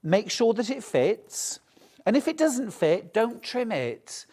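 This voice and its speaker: Chatty male sewing presenter on live shopping TV; very animated intonation. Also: sits high, slow pace. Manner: chatty, explains steps while working. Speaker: sewing demonstrator.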